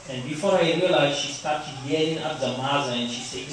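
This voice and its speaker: A man's voice: a little high, fairly even intonation, a little fast, hardly any pauses, background noise. A middle-aged man giving a university lecture on human rights, explaining earnestly and telling a personal story. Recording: echoey room recorded from far off.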